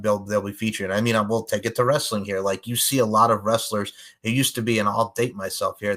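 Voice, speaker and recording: A man's voice: lowish voice, fairly bright tone. A man hosting a casual podcast interview, talking with rambling enthusiasm. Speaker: podcast host.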